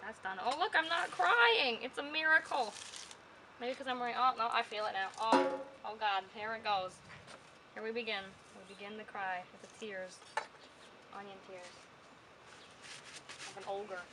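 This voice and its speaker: A woman's voice: medium pitch, normal speed, pauses often. A woman demonstrating a recipe at an outdoor grill, chatting casually and joking with the food as she works. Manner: goofy, talks to the food. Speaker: home cook demonstrating a recipe. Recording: outdoor wind and ambient noise.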